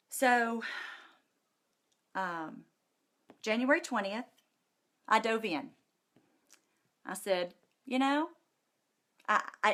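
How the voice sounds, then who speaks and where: A middle-aged woman with a slightly high voice, telling her story straight to the camera. She gushes and repeats herself for emphasis, sounding close to tears. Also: sharp tone. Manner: gushing, emphatic and repetitive. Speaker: vlogger. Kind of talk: emotional testimonial to camera.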